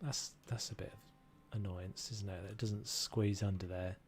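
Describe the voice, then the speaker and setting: A man's voice: fairly low pitch, fairly even intonation, moderate pace, slight background noise. Chatty man streaming a game. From United Kingdom. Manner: rambling and chatty, talking to chat while he plays. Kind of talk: casual gaming livestream commentary.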